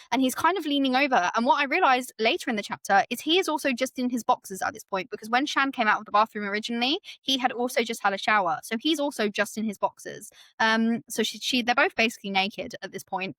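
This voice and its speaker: A woman co-hosting a podcast, retelling book scenes in an animated way and acting out the characters' lines. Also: fairly high pitch, no room sound. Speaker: podcast co-host. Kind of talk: book recap discussion.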